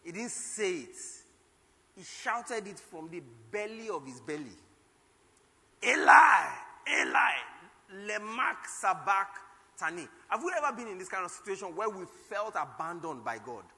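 High bright preacher man in a hall. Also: sing-song, normal speed. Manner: dramatic reading, shouting quoted cries. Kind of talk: sermon with scripture reading.

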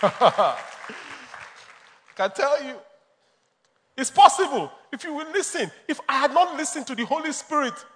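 A man's voice: very high-pitched, very animated, unhurried, long pauses, a bit bright, some chatter behind. A man preaching a sermon, emphatic and storytelling, laughing often. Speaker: pastor. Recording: long reverb of a large hall.

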